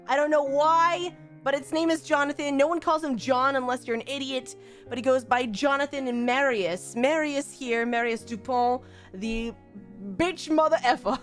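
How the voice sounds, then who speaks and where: A woman streamer chatting excitedly with her audience. She gushes, laughs often, and repeats herself. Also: high-pitched, moderate pace, soft background music. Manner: gushing and animated, with frequent laughs and repetition. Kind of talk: excitable casual stream chat.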